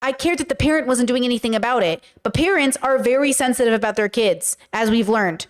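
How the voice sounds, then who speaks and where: Woman streamer, slightly high voice, blunt, profane, animated storytelling. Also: a little fast. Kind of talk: casual commentary stream.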